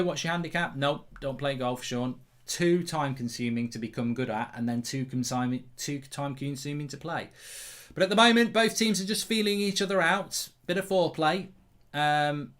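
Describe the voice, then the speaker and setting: A man in his thirties hosting a football watchalong, reading viewer messages aloud and commentating the match as it happens, getting loud and excited in big moments. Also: medium pitch. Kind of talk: live match commentary and chat.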